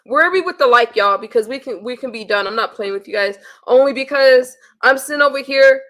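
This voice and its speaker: A woman's voice: sits high, fairly quick, fairly bright tone. A woman on a live stream, bluntly venting with heavy swearing and reading messages aloud to her viewers. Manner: blunt and profane, exasperated. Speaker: livestreamer.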